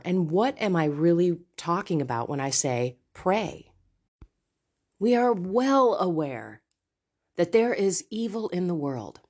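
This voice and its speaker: On her Catholic podcast, a middle-aged woman speaks in a lowish voice with a darkish tone while sitting in a home. She takes a slow, deliberate, confessional approach, talking about faith with real candor.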